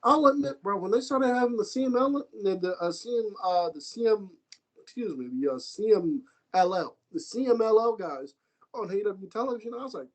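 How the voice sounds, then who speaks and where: Husky american guy ranting on a wrestling podcast, swears a ton, repeats himself. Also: high voice, lively intonation, fairly quick, rough recording. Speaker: podcast co-host. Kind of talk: casual wrestling podcast chat.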